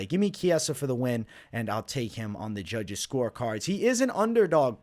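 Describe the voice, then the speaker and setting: A man talking casually and with emphasis as he breaks down fight predictions and betting odds for his viewers. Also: mid-range voice. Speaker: MMA betting analyst.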